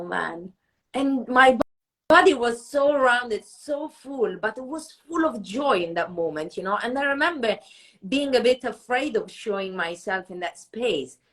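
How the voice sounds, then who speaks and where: A woman talks as a guest. Her voice sits a little high, and she sounds earnest and reflective, with halting restarts. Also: fairly bright tone, poor audio. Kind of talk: casual heartfelt chat.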